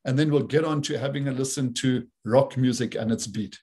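A man's voice: mid-range voice, a little fast, darkish tone, slightly rough. A man presenting a talk, explaining rhythm and imitating beats with sung syllables. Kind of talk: talk with played video clips.

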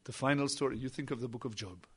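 A man preaching a sermon emphatically, with repeated phrases and swings between loud and hushed delivery. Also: medium pitch, quick pace, husky.

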